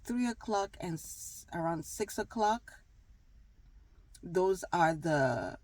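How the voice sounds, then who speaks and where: A woman's voice: on the low side, animated, slow pace, darkish tone, no room sound, poor audio. A woman in her thirties talking casually about faith and gratitude, rambling with many fillers and acting out little dialogues. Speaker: wellness vlogger. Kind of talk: casual faith talk to camera.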